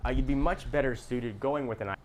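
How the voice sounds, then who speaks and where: A man presenting a scripted gadget review in a measured, explanatory way. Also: medium pitch, a little mellow. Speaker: tech reviewer.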